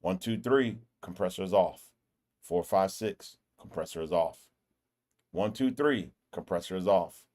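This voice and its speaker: Deep-voiced man teaching a live audio lesson. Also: unhurried, a little mellow. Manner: patient, repetitive, encouraging. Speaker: instructor. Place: indoor room with air conditioning. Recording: raw mic with air conditioner hum.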